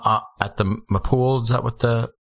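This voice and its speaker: A man's voice: medium pitch, steady tone, moderate pace, gravelly. A man in a tabletop role-play, speaking as a ship captain in a playful, loose way. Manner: bright, playful, laughs easily.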